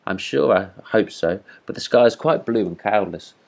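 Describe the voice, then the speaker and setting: A man's voice: fairly low pitch, expressive, moderate pace, vocal fry, darkish tone. A man reading a storybook voicing a pompous, self-important male firework rocket with a haughty, supercilious manner.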